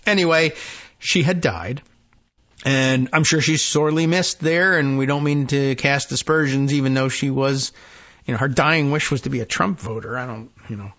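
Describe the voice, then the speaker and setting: Man, podcast host, dry sarcastic asides, mid-pitched voice, somewhat dull lo-fi audio. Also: normal speed, fairly bright tone. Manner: dry, wry asides, trails off with "I don't know". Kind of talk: casual political talk, reading news aloud.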